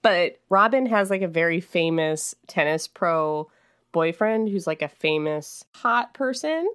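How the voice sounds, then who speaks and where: A young woman co-hosting a podcast, recapping a book in casual chat, animated and quick to jump up in pitch when she jokes. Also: smooth. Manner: animated, jumps high in pitch when joking. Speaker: podcast co-host.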